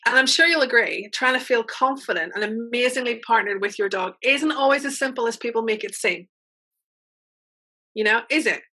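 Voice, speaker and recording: Upbeat woman coach, bright and slightly high voice, chatty workshop delivery. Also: normal speed, low-quality recording. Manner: upbeat, chatty, frequent check-ins with listeners. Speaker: mental game coach. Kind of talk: online workshop teaching.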